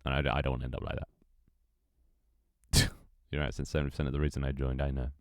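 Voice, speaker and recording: This very deep-voiced young Brit, with a British accent, talks fast with little pitch movement while casually chatting on a stream. He reads chat aloud, jokes with some swearing and laughs often. The studio sound is clean, with no room sound.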